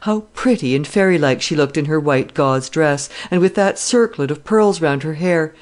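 A woman's voice: low-pitched, normal speed, a little mellow, close to an everyday voice. A woman reading the part of a cheerful, chatty young army captain in a classic novel. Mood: breezy. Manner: breezy, chatty.

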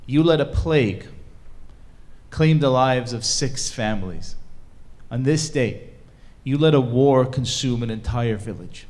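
A man voicing a humble old shoemaker who loudly and solemnly lists sins to God, in a told story. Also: sits high, slow, pitched above the performer's own voice. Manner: loud, declaiming, solemn listing.

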